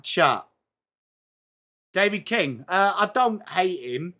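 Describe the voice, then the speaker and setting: English male streamer, young, slow and chatty, bright and forceful tone, self-deprecating. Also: sits high, expressive. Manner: chatty, self-mocking, reads aloud to chat. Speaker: livestream host. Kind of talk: live watchalong chat.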